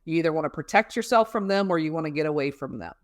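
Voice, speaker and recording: Dry-sounding woman explaining calmly. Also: low-pitched, racing, no room sound. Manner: conversational, many fillers, explains with homely images. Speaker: guest expert on emotional regulation. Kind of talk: casual explanatory interview talk.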